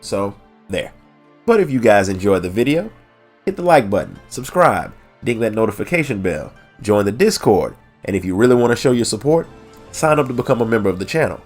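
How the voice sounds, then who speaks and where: A man with a nasal, congested voice from allergies, narrating a game lore story in measured audiobook style and hosting his channel. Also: lowish voice, sing-song, a little mellow, faint music behind. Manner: measured, friendly sign-offs.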